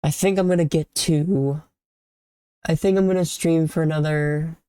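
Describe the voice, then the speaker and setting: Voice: mid-range voice, fairly even intonation, normal speed, dark tone, smooth, dry recording. A sick, congested and tired streamer giving casual, rambling commentary on a video game, often trailing off and restarting sentences.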